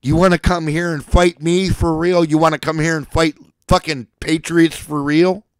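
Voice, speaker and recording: A man rants in anger, swearing and threatening, his voice pitched a little high. He swings between shouting and a low, seething growl. The sound is close and dry, with no room echo. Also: little pitch movement, normal speed, clean tone. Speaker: ranting speaker. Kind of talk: angry profane rant.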